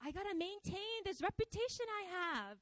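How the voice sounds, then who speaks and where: A woman's voice: very high voice, lively intonation, normal speed, dry recording, pitched above the performer's own voice. A woman voicing a boastful, desperate ancient king. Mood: pleading. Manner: pleading, self-important.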